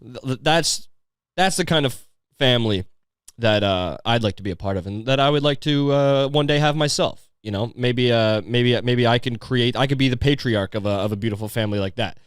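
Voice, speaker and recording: A man rambles through sardonic, profanity-laced commentary as he watches a video. His voice sits at a middle pitch and sounds dry and close, with no room echo. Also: brisk, clear, resonant tone. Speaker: podcast host.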